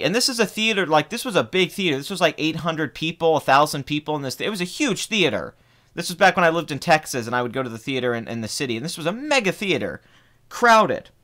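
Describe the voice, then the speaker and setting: A man's voice: a little high, pushed and bright. A man in his twenties, hosting a film channel, ranting heatedly and with profanity in casual live stream chat. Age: 20s. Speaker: film review channel host.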